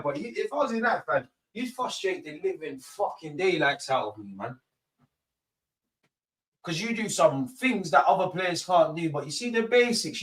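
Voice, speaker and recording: Young bloke on a match watchalong, loud banter, shouting at the ref, kinda high voice. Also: male voice, breathy edge. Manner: animated, shouts at players and referee; slangy banter. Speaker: football watch-along host. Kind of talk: live match watch-along commentary.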